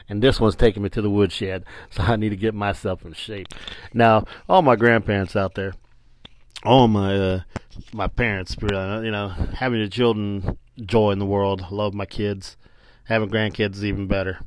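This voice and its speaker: A man in his forties telling a funny family story in a casual, animated way, often breaking into laughter, while recording on a bedroom floor. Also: on the low side, normal speed, slight background noise. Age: 40s. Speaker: vlogger. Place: lying on a bedroom floor indoors.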